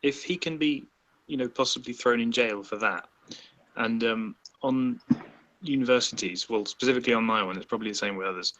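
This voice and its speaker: A man's voice: mid-range voice, brisk, a bit bright, poor audio. A young man in a casual live stream discussion, talking hesitantly with many fillers and restarts.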